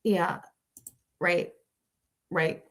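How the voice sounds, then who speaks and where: A woman's voice: on the low side, fairly even intonation, very slow, a bit bright. A woman hosting a livestream from home on a laptop mic, ranting casually with irritated, profane asides to her viewers. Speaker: livestream show host.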